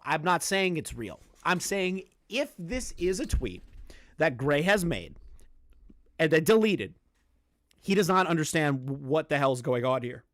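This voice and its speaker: A man's voice: fairly high pitch, big pitch swings, measured pace, fairly bright tone, no echo, studio quality. A man giving live-stream commentary on online drama, blunt and emphatic, swearing now and then.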